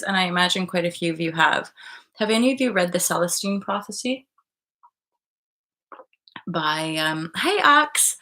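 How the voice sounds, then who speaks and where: A woman's voice: medium pitch, a bit bright. A woman hosting a live online stream, talking passionately in a rambling way, swearing and reading out viewer comments.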